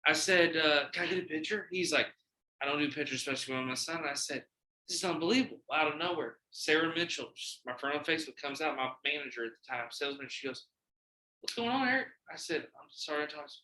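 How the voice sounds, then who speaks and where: A man hosting a casual podcast, telling animated, profane stories and acting out the quotes. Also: a little high, quick pace, roomy sound, a little hiss or hum, low-quality recording. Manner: animated, profane storyteller who acts out quotes. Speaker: podcast host. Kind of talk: casual podcast chat, storytelling.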